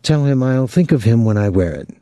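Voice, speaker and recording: A man reading an audiobook, voicing a poised young actress with a calm, lightly ironic manner. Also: mid-range voice, fairly quick, dry recording, studio quality, close to an everyday voice. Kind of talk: audiobook character voice.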